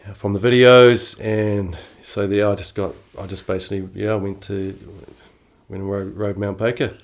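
Middle-aged New Zealand man, casual storyteller, laid-back slang, lowish voice. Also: fairly even intonation, normal speed. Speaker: interview guest.

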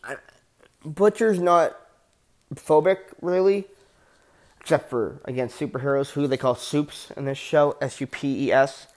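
A man's voice: on the high side, measured pace, long pauses, a little mellow. A man giving a casual, enthusiastic TV show review, rambling with frequent restarts and casual swearing.

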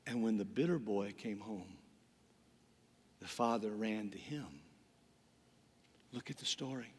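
A man's voice: fairly low pitch, unhurried, husky, in a large hall. A man preaching a sermon as pastor, telling a story with dramatic delivery and acting out the voices in it.

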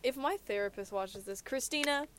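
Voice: medium pitch, moderate pace, fairly bright tone. A teenager co-hosting a casual podcast, telling stories in a rambling way with many fillers and restarts. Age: teens. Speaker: podcast co-host. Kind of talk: casual chat, storytelling.

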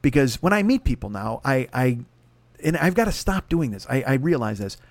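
A man's voice: mid-range voice, sing-song, normal speed, gravelly, dry recording. A man hosting a podcast, telling a rambling, profane comic story. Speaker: podcast host. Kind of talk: comedic storytelling.

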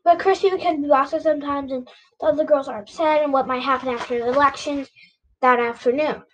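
High-voiced woman reading a storybook aloud. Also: steady tone, a little hiss or hum, poor audio. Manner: halting, with restarts and self-corrections. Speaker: reader. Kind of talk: reading a children's novel aloud.

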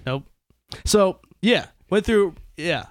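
A man's voice: high-pitched, animated, takes it slowly, dry recording, studio quality. A male stand-up comedian rambling through a personal story on a podcast, swearing and poking fun at himself. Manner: rambling, profane, self-mocking.

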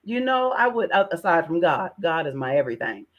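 A woman's voice: on the low side, very animated, fairly quick, dull audio. A middle-aged woman guest telling an emotional personal testimony in an earnest way, repeating words and often calling the listener "sis". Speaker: podcast guest.

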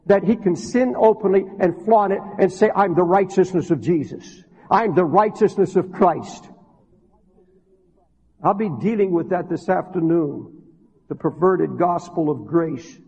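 Husky-voiced man preaching in a hall. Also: high voice. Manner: impassioned preaching, rising to loud pleading. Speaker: pastor. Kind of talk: sermon. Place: church hall. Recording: dull reverberant hall recording.

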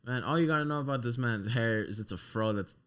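A young man co-hosting a casual podcast, telling stories in an animated way, swearing and breaking into loud laughter. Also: mid-range voice, fast, smooth. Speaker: podcast co-host.

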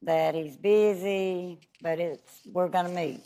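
A woman's voice: lowish voice, takes it slowly, dark tone. A woman in her seventies, a TV talk show guest, explaining earnestly and hesitantly. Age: 70s.

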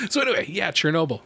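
A man in his thirties hosting a podcast, telling stories in a casual, animated way, laughing often and swearing freely. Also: high voice, vocal fry. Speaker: podcast host.

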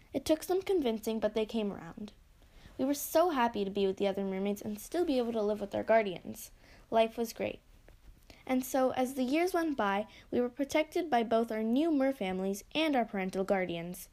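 Woman storyteller, expressive first-person read-aloud, slightly high pitch. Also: brisk.

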